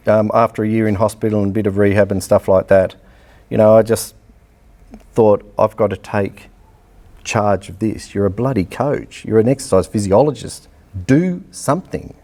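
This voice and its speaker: A middle-aged Australian man gives a coaching lecture, telling his story in a blunt, lively way. His voice sits fairly low and sounds dark and mellow. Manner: blunt, animated storytelling with acted-out dialogue and laughter. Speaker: athletics coach. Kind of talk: public lecture, personal story.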